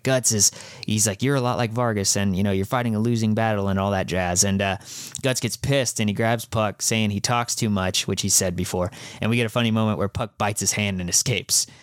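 A man's voice: fairly low pitch, a bit bright, no echo, studio quality. A man co-hosting a podcast, recapping a manga in loose, rambling casual chat, full of fillers and casual swearing. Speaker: podcast co-host.

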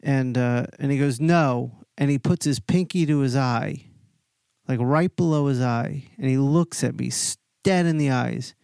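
A man with a smooth but gravelly voice tells a long personal story, stumbling and restarting as he goes. He acts out what other people said. The sound is dry and close, with no room around it. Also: medium pitch, measured pace, a little mellow, no echo. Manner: rambling with frequent restarts and acted-out quotes. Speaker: podcast host telling a personal story. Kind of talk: casual storytelling monologue.

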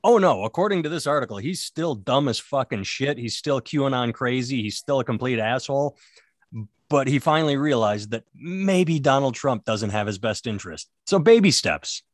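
A man's voice: medium pitch, expressive, moderate pace, no room sound, clean studio sound. A man who is a stand-up comedian co-hosting a podcast, rambling and sardonic in casual comedic chat. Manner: rambling, sardonic, self-mocking.

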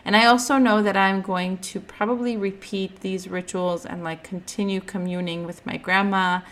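A young woman hosting a podcast, talking candidly in a casual monologue with lots of "like", getting animated when she quotes others. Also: mid-range voice, moderate pace. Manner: candid and chatty, heavy use of "like", animated when quoting others. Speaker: podcast host.

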